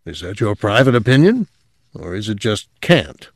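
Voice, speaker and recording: A man's voice: lowish voice, big pitch swings, moderate pace, no echo, clean studio sound. A man reading a guarded older chief. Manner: guarded, clipped, controlled. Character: older male agency chief, guarded and tense.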